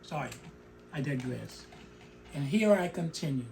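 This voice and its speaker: A man's voice: fairly high pitch, expressive, unhurried, gravelly, a little mellow, soft background music. A middle-aged man hosting his own show, giving an emotional, opinionated commentary that breaks off into asides about his own speech. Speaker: show host.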